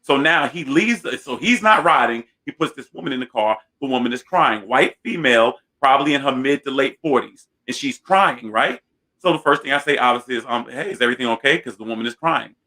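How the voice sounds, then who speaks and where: A man in his thirties hosting a talk show, telling a comic story in an animated, self-mocking way. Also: medium pitch, brisk. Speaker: host.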